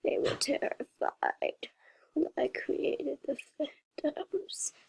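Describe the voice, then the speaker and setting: A woman whispering as a deep monstrous villain. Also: vocal fry, a little mellow, exaggerated voice, low-quality recording. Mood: sinister. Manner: slow and menacing. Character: monstrous vengeful male creature villain. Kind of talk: whispered role-play.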